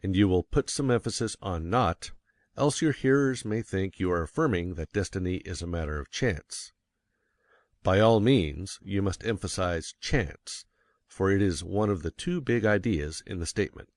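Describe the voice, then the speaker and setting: A man reading a nonfiction book aloud as an audiobook narrator, measured and stressing key words. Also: low-pitched, lively intonation, no room sound, clean studio sound. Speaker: audiobook reader. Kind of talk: scripted narration.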